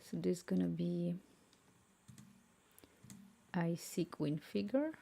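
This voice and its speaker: Woman, casual home livestream, gravelly low voice, murmurs to herself. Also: takes it slowly, dark tone. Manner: thinks aloud, murmurs and whispers to herself while working. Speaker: live-streaming developer. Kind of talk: casual livestream chat while coding.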